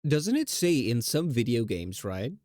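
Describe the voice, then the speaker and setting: A man's voice: medium pitch, big pitch swings, a little slow, darkish tone, no echo, clean studio sound. A man streaming live, chatting casually in a rambling, self-teasing way with laughs.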